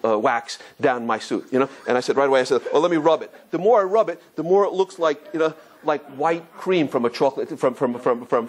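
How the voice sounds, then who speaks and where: A middle-aged rabbi tells a story at a rapid clip, his voice sitting a little high for a man. He talks in an animated, stop-and-start way, slipping into other people's voices as he goes. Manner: animated, full of restarts, acts out kids' voices. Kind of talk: storytelling talk.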